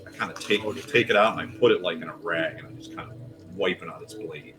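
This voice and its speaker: A man playing a tabletop game, speaking in a measured way over background music. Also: sits low. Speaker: player.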